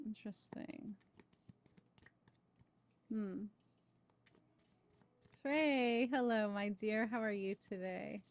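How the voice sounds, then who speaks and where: Speaking very slowly and pausing often, a mid-range-voiced woman chats about creativity on her spiritual livestream. She warmly welcomes viewers by name and tosses in lots of "right?" before moving to a tarot reading.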